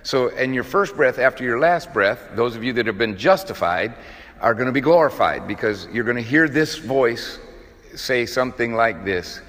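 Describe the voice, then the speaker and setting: A man delivers a relaxed, folksy sermon, talking to the congregation like he's chatting with friends. His voice sits at an ordinary middle pitch. It rings out with a long reverb, as if in a large church hall. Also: normal speed. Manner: folksy, conversational storytelling with many fillers. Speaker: preacher. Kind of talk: casual sermon.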